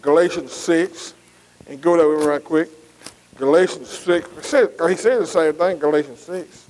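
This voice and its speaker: A man's voice: a little high, normal speed, a little mellow, poor audio. A man preaching a sermon, repeating phrases and calling out to the congregation. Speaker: pastor.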